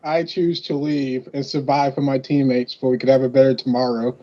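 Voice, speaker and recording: A man playing a character in a tabletop game, talking in a hesitant, halting way. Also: medium pitch, flat delivery, warm tone, muffled recording. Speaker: player. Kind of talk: casual tabletop game chat.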